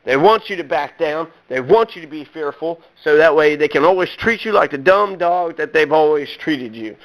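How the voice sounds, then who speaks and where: Heated, swearing man with a high-pitched voice. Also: lively intonation, moderate pace, muffled recording. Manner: blunt, profane and heated, with many fillers and restarts. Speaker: vlogger. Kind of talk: personal rant to camera.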